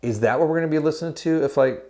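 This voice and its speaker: A man's voice: fairly high pitch, rapid-fire, gravelly, a little mellow. A man in his forties co-hosting a casual music chat, giggly and rambling, full of fillers and restarts. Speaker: podcast co-host.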